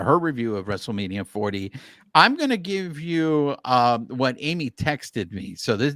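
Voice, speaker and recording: A man co-hosting a podcast, explaining things at length in casual, animated chat with filler words. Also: mid-range voice, dry recording, studio quality. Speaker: podcast co-host.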